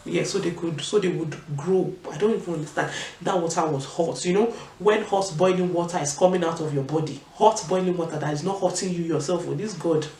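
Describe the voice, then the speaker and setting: A young Nigerian woman telling a personal story in a vlog, in an animated and emphatic way. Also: on the low side, brisk, hardly any pauses. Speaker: vlogger. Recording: roomy echo, distant mic, faint room noise.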